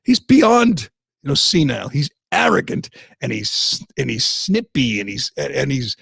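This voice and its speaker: A man's voice: medium pitch, very animated, measured pace, creaky, fairly bright tone, breathy edge, dry recording, studio quality. A man hosting a talk radio show, delivering a heated, sarcastic rant and mocking others in put-on voices.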